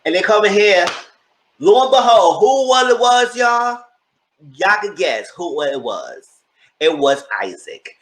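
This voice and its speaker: A man giving a chatty, animated recap of a TV episode and talking straight to his viewers. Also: high voice, slow pace, reverberant. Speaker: TV show reviewer. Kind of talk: casual recap commentary.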